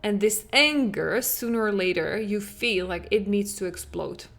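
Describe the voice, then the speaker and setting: A young adult woman, a parenting coach, hosts her solo podcast in a mid-range voice that's unhurried, gravelly and a bit bright. She talks earnestly and conversationally, dropping "like" again and again.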